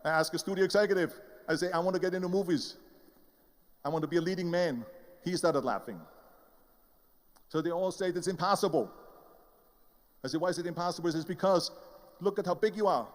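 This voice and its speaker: A man's voice: sits high, brisk, long pauses, long reverb tail. An older man with an Austrian German accent giving an emphatic motivational speech, telling his story and acting out the voices of the people in it. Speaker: motivational speaker.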